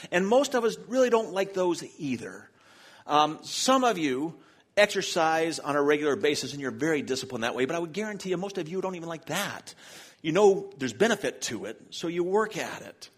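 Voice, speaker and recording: Breathy at the edges and fairly quick, the same Charlotte pastor's voice runs high with lively intonation. He's a Southern US man preaching in church and poking fun at himself through humorous personal stories.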